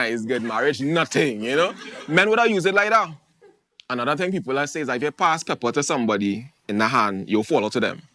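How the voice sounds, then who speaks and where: Male stand-up comic, Trinidadian accent, quick and dry-sounding. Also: mid-range voice, no echo. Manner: animated, chatty storytelling with dialect phrasing. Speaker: stand-up comedian. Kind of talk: stand-up comedy.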